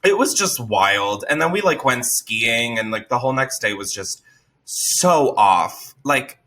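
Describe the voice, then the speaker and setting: Animated, swearing male storyteller. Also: mid-range voice, unhurried. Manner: animated, swears a lot, jumps into loud shouting impressions. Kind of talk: casual storytelling chat.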